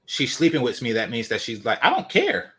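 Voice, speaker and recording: A man's voice: mid-range voice, wildly swooping pitch, brisk, bright, forceful tone. A man hosting a dating commentary channel, talking casually with blunt, dismissive swearing.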